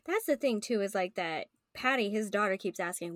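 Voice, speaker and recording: A woman chatting casually about a book, animated and reading passages aloud. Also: medium pitch, brisk, no echo, clean studio sound.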